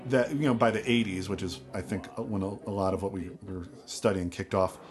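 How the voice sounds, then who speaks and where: A man co-hosting a podcast in relaxed casual chat. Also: deep voice, brisk. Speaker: podcast co-host.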